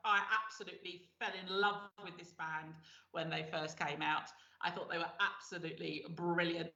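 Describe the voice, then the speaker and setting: A middle-aged woman hosts a radio show, chatting casually, laughing often and using many fillers. Her lowish voice is level, pushed and bright at normal speed, and the sound is echoey, dull and lo-fi.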